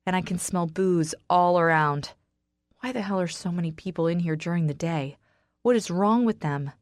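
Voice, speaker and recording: A woman narrates a first-person audiobook with a low-pitched voice. Her dramatic, emotional delivery pushes into raised dialogue. The recording is close and dry, with no room sound. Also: no room sound. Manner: dramatic, emotional reading that swings into shouted dialogue.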